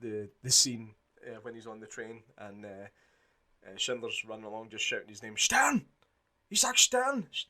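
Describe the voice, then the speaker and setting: A man co-hosting a casual film podcast, animated and blunt, swearing casually and acting out scenes as he talks. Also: on the low side, fairly quick. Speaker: podcast co-host.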